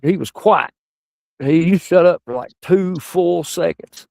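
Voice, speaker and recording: A middle-aged comedian with a gravelly, rough voice, spinning crude rambling stories. The sound is dry and close, with no room around him. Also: male voice, slow, darkish tone, no room sound. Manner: crude, rambling anecdotes with sudden high-pitched outbursts. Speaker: stand-up comedian. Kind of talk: stand-up storytelling.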